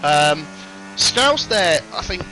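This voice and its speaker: A man calls a sim racing session in casual livestream style, his voice a touch high for a man. He swears and banters freely and reads out viewer messages. Loud music runs under his voice. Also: very animated, slow. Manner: sweary, banter-filled, reads chat aloud. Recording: music playing loud behind.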